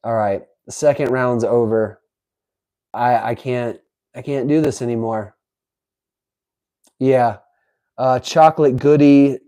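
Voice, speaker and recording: A man hosting a live stream, chatting casually and reading aloud with incredulous, animated asides. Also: mid-range voice, takes it slowly, long pauses, low-quality recording. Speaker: livestream host. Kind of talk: live-stream reaction chat.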